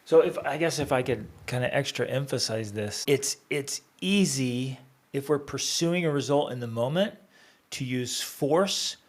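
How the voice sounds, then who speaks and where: A man's voice: medium pitch, a little slow. A man who is a guest on a podcast, talking casually, laughing easily and telling stories with animation.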